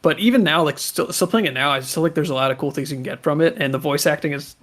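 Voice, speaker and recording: A man with a fairly high voice talks very fast in casual podcast chat. He fills his sentences with "like" and laughs between points. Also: fairly bright tone. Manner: quick, laughs often, lots of likes. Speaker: podcast co-host.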